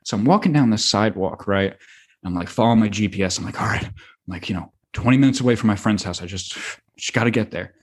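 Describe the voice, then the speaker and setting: A young American man telling a rambling, animated story on a podcast, full of fillers and swearing. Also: on the low side, fast talker, breathy edge. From United States. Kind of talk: casual storytelling.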